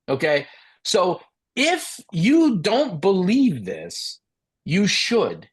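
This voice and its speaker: Middle-aged man telling a lively story. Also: high-pitched, slow pace, slightly rough. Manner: animated, acts out dialogue. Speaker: expert speaker. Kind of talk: storytelling talk.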